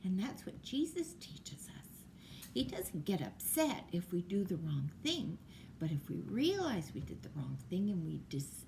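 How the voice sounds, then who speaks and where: An older woman reading a children's picture book at bedtime, slow and gentle, explaining things to small children. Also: medium pitch, a little hiss or hum.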